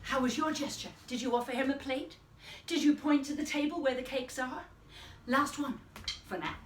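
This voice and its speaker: A woman teaching a playful children's drama lesson in an animated, encouraging manner. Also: sits high, moderate pace. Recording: roomy, distant mic, faint noise.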